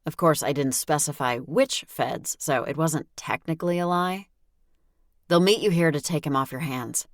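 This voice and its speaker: Very low-voiced woman narrating dryly. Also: no echo, clean studio sound. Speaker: audiobook narrator. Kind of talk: first-person scripted narration.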